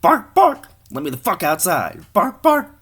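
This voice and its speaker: A man's voice: sits high, huge pitch swings, unhurried, a bit bright, breathy edge, pitched above the performer's own voice, heavily acted. A man voicing a pushy house dog that barks and demands to be let out. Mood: demanding. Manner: barking, crude demands.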